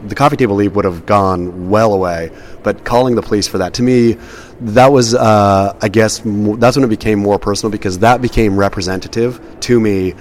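A man's voice: on the low side, brisk, a little mellow, slight background noise. A man co-hosting a podcast in casual chat, speaking emphatically and piling up repeated words for stress. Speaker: podcast co-host.

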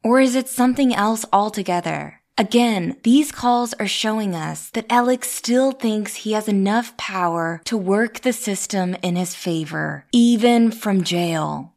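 A woman hosting a podcast, narrating a script in a measured way and posing questions. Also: medium pitch, gravelly, a little mellow. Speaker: podcast host.

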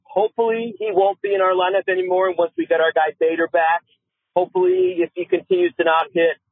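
A man's voice: high-pitched, no echo. A man from Boston calling in to a sports radio show, eager and rambling, heard over a phone line. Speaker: caller. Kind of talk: call-in radio.

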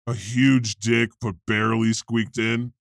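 A man's voice: on the low side, flat delivery, measured pace, creaky, no room sound, studio quality. A man playing God as a chatty, irreverent deity, hosting improvised comedy podcast banter in a rambling, easily amused way. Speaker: host.

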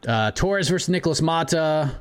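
A man co-hosting a casual sports talk show, reading through listener picks and adding quick comments. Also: fairly high pitch, lively intonation, clear, resonant tone. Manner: reads lists of matchups, chuckles often. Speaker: podcast co-host.

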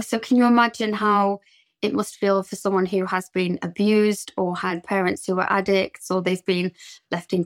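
Woman cohosting a therapy podcast, open and reflective, gets lively quoting people. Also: medium pitch. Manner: candid, reflective, animated when quoting. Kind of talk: casual podcast chat.

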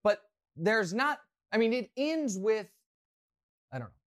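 A man hosting a podcast, telling a rambling, self-mocking story with lots of excitement. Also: sits high, a little slow. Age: adult, past college. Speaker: podcast host. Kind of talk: animated storytelling.

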